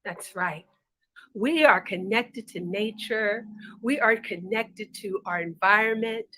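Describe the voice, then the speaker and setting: A woman storyteller telling folk tales in an expressive, animated, sing-song way. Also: medium pitch, takes it slowly, slight background noise. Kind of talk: storytelling for listeners.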